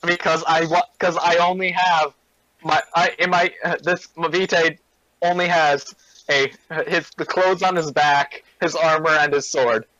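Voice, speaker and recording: A man's voice: a little high, fairly even intonation, measured pace, sharp tone, no room sound, lo-fi sound. A man playing in a tabletop game, talking casually and hesitantly, often restarting his sentences. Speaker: player. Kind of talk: casual tabletop role-play chat.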